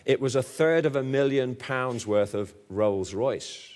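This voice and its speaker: A man with a Liverpool accent preaching a sermon with humor, his delivery swinging between booming emphasis and hushed asides. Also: a little slow.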